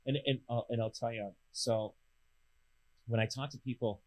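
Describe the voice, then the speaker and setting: Loud, animated man. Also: medium pitch, moderate pace, rough recording. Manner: loud, projecting, animated talker. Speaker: real estate radio show host. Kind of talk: casual chat.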